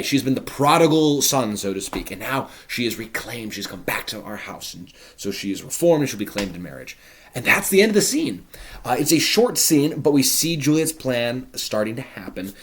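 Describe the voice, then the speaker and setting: A man explains a play line by line in a relaxed lesson. His pitch sits in the middle but moves lively, and he talks conversationally with casual fillers. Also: normal speed.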